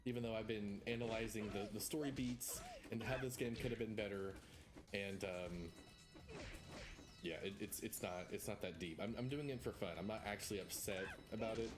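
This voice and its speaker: Over game music, a man talks at a moderate pace in a fairly low voice while playing a retro game on stream. His chat is casual and rambling, dotted with jokes at his own expense.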